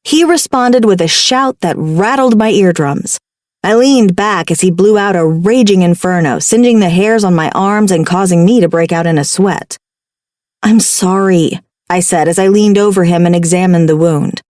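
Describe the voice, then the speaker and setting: A woman narrating a paranormal romance audiobook in the first person, with a wry, expressive delivery. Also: lowish voice, moderate pace, dry recording, studio quality.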